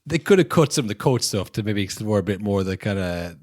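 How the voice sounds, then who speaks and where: A man's voice: fairly low pitch, lively intonation, brisk, darkish tone, no echo, clean studio sound. A young man co-hosting a podcast in casual chat, rambling with many "you know"s and acting out short exaggerated bits. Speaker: podcast co-host.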